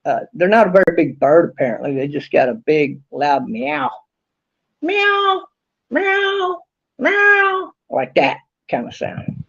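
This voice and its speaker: Man, gravelly voice, rambling folksy outdoor vlog, dull lo-fi audio. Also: mid-range voice, a little mellow. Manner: rambling, folksy, drawn-out fillers. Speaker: vlogger. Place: outdoors behind a house.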